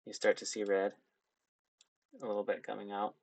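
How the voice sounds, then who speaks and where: A low-pitched man runs a tabletop game, describing the scene haltingly with frequent ums and restarts. His voice is dry and close to the mic. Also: monotone, vocal fry, dry recording. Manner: hesitant, lots of ums and restarts. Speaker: game master.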